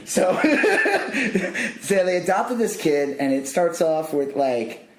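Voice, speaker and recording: A man with a slightly high voice chats casually on a podcast. He tells stories with a lot of energy, laughing and acting out the lines he quotes. The room gives his voice a strong echo. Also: takes it slowly. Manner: animated, laughs while telling stories, acts out quotes. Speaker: podcast co-host. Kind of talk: casual chat.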